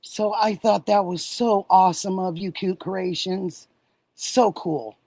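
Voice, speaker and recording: A middle-aged woman from Oregon chats slowly and warmly with her livestream audience. She drifts between thoughts and lights up when she reads their messages. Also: medium pitch, no echo, low-quality recording. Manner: warm, gushing, reads and answers chat messages. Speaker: livestream host. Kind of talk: casual livestream chat with viewers.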